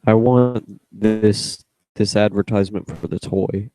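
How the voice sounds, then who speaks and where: A man's voice: lowish voice, fairly even intonation, a little slow, mellow, no echo. A young man rambling to himself as he edits his podcast, humming and trailing off in a self-deprecating way. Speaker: podcaster editing his show. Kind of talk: casual mumbled self-talk.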